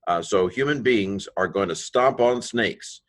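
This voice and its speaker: A man giving an informal grammar lecture, thinking aloud with many fillers and slowing down to stress key phrases. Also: on the low side. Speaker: teacher.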